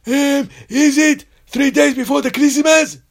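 A man's voice: very high voice, steady tone, measured pace, vocal fry. A man quiz contestant who answers hesitantly, stumbling and repeating himself in broken English.

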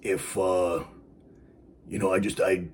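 A man's voice: low-pitched, little pitch movement, slow pace, a little hiss or hum. A man answering fan questions in a casual live stream from home, rambling with lots of fillers and "you know what I mean.". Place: home with dogs barking nearby.

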